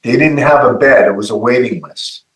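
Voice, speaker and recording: A middle-aged man telling a personal testimony in an earnest, halting way, often repeating his words. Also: mid-range voice, a bit bright, reverberant, low-quality recording. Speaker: guest giving testimony.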